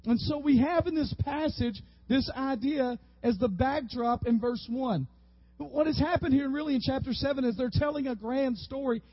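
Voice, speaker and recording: A pastor with an unusually high, husky voice preaches a sermon, animating the story as he goes. The sound is close and dry, with a slightly dull, lo-fi quality. He speaks as a man leading a congregation through a passage. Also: no room sound. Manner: animated, acts out biblical figures with rising voice.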